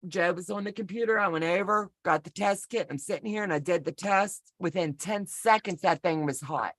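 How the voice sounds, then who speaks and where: A woman's voice: on the low side, normal speed, fairly bright tone, dry recording. A woman telling a rambling personal story in casual chat over a video call from home, chatty and folksy with self-deprecating humor. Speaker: co-host of a sewing pattern walk-through.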